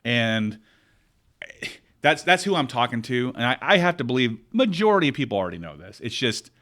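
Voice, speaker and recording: Male podcast co-host, animated and emphatic, pitch that rises and falls widely, casual delivery. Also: brisk. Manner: animated storytelling, rants with emphasis. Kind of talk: casual chat.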